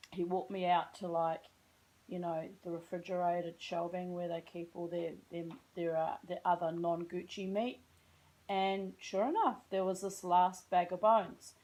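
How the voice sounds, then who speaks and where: A woman's voice: medium pitch, a little mellow, low-quality recording. An Australian woman telling a rambling, self-mocking story in a casual vlog, chatting along and drifting off on tangents. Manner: chatty, tangential, self-mocking, slips into put-on American voices. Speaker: vlogger.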